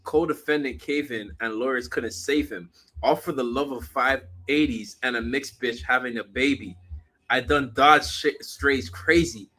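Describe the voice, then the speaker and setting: A man with the hiccups reacting to a song on a live stream, with loud exclamations and laughter. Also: medium pitch, unhurried. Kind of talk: excited live music reaction chat.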